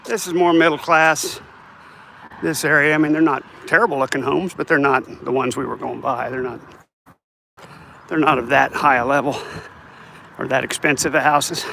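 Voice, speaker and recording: A man's voice: a little high, steady tone, normal speed, creaky, pauses often, pushed and bright. A man chatting casually to viewers as he walks down a residential street. He rambles along, sounding a little tired. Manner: rambling, chatty, talks to viewers while walking. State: tired, yawning. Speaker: vlogger. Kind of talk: casual walking vlog. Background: passing cars and traffic.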